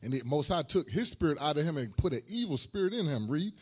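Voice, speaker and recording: A man in a Bible class who directs the reader and explains the scriptures quickly and directly. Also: on the high side, big pitch swings, a little mellow, breathy edge. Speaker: class member.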